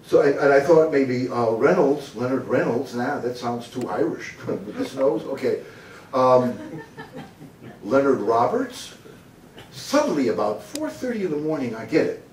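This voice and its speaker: A man's voice: normal speed, a little hiss or hum. Older american guy telling a funny story on stage, does a big announcer voice, laughs at himself, echoey room. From United States. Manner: animated storyteller who puts on a booming announcer voice and laughs at his own jokes. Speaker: motivational humor speaker. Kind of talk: storytelling keynote talk. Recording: echoey hall, mic at a distance.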